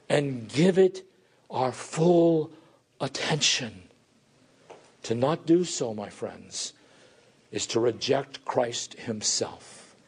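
A man's voice: medium pitch, darkish tone, breathy edge. A male pastor preaching a sermon in a church, fervent and exhorting, building to emphatic peaks.

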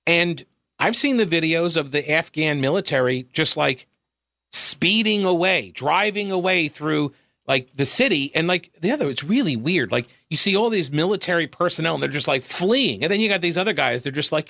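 A man's voice: fairly high pitch, lively intonation, normal speed, vocal fry, pushed and bright, no room sound, clean studio sound. Sarcastic male talk radio host. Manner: sarcastic, wry laughs. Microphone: studio microphone.

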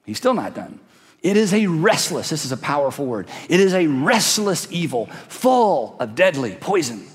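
High-voiced man preaching in a reverberant hall. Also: very animated, husky. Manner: emphatic, slows down to stress words. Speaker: pastor. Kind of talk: sermon. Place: church.

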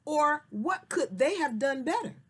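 A woman telling a story to children, slow and very expressive, then talking to her young viewers. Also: high-pitched. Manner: slow, sing-song and very expressive.

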